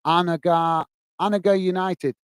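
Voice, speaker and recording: A man chats casually on a livestream, a little higher-pitched than most men. His voice is smooth and clear, and the recording is dry and close with no room sound. He talks easily to his viewers and calls them mate. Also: level tone, normal speed, no room sound. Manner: chatty, addresses viewers as mate; reads out chat comments. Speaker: livestream host.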